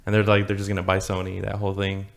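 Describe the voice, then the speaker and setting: A man's voice: sits low, completely flat delivery, rapid-fire, vocal fry. A man co-hosting a casual podcast, talking in a rambling, loose way. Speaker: podcast co-host. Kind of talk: casual chat.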